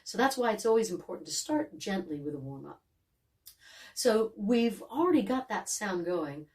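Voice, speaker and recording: A woman coaching actors through a vocal warm-up, speaking calmly and gently and demonstrating sighs, yawns and hums. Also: medium pitch, moderate pace, distant mic. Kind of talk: guided vocal warm-up instruction.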